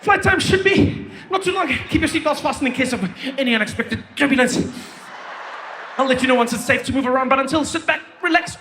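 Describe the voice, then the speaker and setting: A man voicing a smooth-talking male airline pilot who keeps breaking his announcement with breathy pauses and "uh"s. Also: very high-pitched, pitched above the performer's own voice. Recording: reverberant hall with faint noise.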